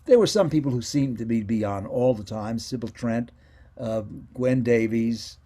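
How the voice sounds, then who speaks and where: Older male guest, mid-pitched, rambling reminiscing storyteller on a video call. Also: moderate pace, warm tone. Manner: meandering, self-correcting storyteller. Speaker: interview guest, former child radio actor. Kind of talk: casual reminiscing interview.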